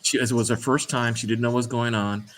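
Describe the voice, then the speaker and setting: A middle-aged man in casual chat, telling a story haltingly with many restarts and "uh"s. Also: mid-range voice, fairly even intonation, background noise. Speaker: co-host.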